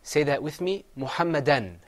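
A man's voice: on the high side, animated, normal speed, a crowd in the background. Patient man teaching recitation. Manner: patient, has students repeat words after him. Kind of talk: classroom recitation lesson.

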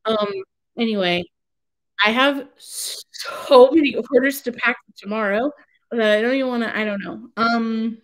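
This woman's voice sits on the higher side and moves a little slowly, with faint background noise and poor audio. She's a crafter ranting casually at home for her own channel, rambling and exasperated, breaking into her own sentences.

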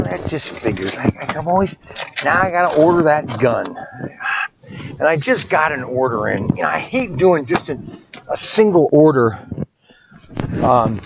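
A man's voice: medium pitch, creaky. A man who runs a toy shop, muttering and sighing to himself in frustration as he talks casually to the camera. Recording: dull lo-fi sound with background noise.

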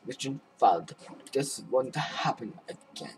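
A man's voice: medium pitch, measured pace, a bit bright. A man giving casual gameplay commentary in a goofy, rambling, self-mocking way. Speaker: gaming YouTuber.

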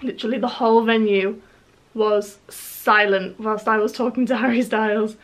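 A young woman from England chatting excitedly in a storytime vlog, full of fillers and restarts. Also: a little high, normal speed, poor audio. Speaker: YouTuber.

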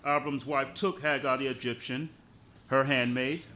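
Male scripture reader, measured and careful, bright voice. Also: mid-range voice, steady tone. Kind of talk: reading scripture aloud.

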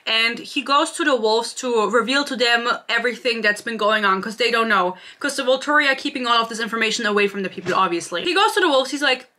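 A woman's voice: on the high side, expressive, fast talker, hardly any pauses, bright, forceful tone. A young woman in her twenties reviewing a book in a casual, sarcastic rant, swearing freely. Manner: sarcastic, swears freely, mimics characters in quotes.

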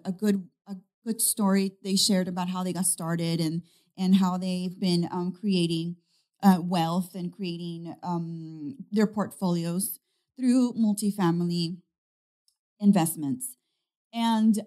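Mellow-voiced woman telling a story. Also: medium pitch. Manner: meandering, conversational, hesitant. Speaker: podcast host. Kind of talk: casual storytelling monologue.

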